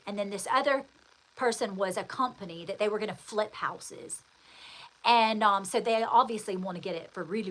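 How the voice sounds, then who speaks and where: A woman's voice: mid-range voice, a bit bright, poor audio. A woman host telling a long personal story in casual chat, rambling and speaking straight to her listener with endearments. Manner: chatty, rambling, addresses the listener directly with endearments.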